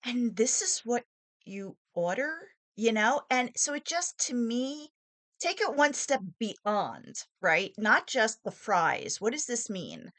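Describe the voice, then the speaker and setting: A woman's voice: on the high side, big pitch swings, slow pace, fairly bright tone. A woman in her forties telling a dating story in a chatty, opinionated, exasperated way, full of asides and fillers. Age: 40s. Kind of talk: casual storytelling monologue.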